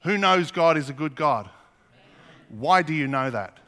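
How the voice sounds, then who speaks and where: A man's voice: on the high side, animated, measured pace, fairly bright tone. A man preaching a sermon, earnest, asking the congregation questions as he reads scripture. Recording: long hall reverb.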